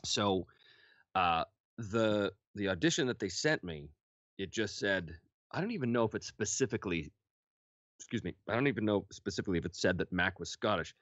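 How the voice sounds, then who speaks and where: A low-pitched man recalls his work as a voice actor in an easygoing, candid manner, now and then letting a swear slip. The sound is dry and close, but dull and lo-fi. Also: moderate pace, no room sound. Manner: relaxed, candid, casually profane. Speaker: voice actor guest. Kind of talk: interview storytelling.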